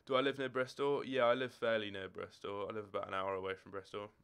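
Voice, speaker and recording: A young man of eighteen talks casually on a game stream, wandering from one answer to the next. His voice sits a little low and sounds smooth and clean. He is from Scotland. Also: flat delivery, fast talker, fairly bright tone. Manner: rambling, chatty, answering chat questions as they come. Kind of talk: casual live-stream chat. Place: home room with football shirts and drawers.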